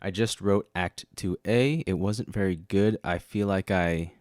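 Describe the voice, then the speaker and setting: Male solo podcast host, deep voice, dry close sound, tired and rambling, pokes fun at himself. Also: a little slow, a little mellow, no room sound. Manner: rambling and self-mocking. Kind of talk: casual solo monologue.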